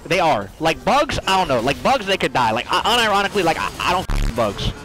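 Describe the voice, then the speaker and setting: A man streaming a video game, ranting in a rambling, profane, excitable way, filling his talk with "like" and "literally.". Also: fairly high pitch, brisk, poor audio. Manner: fillers, repeated "like" and "literally". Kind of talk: casual gaming stream chat. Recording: music playing behind voice.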